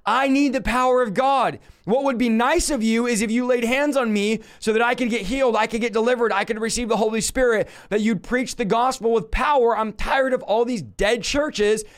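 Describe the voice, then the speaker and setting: A man preaching a fervent Bible teaching, impassioned, with rhetorical questions and bursts of shouting. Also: extremely high pitch, moderate pace, few pauses.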